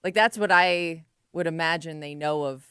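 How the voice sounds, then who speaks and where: A woman's voice: low voice, normal speed, a bit bright, clean tone, no room sound. A woman co-hosting a radio show, offering thoughtful, somewhat hesitant points in a studio. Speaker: radio co-host. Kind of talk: morning radio banter.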